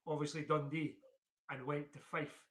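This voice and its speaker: A man's voice: fairly high pitch, little pitch movement, moderate pace, fairly bright tone. A man hosting a casual podcast, asking questions conversationally. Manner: conversational, with "um" and repeated words. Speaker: podcast host.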